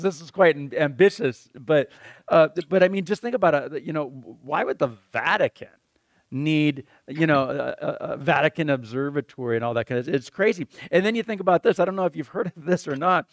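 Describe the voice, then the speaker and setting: A man hosting a Christian talk show, talking in a rambling, excitable way, repeating words and calling things crazy. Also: fairly high pitch, no echo, studio quality. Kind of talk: casual conversational preaching.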